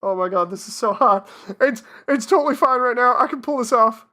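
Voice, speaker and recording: A woman with a slightly high, bright, forceful voice gives casual live-stream commentary. She talks herself through each step and laughs off her own mistakes in a self-deprecating, chatty way. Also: brisk.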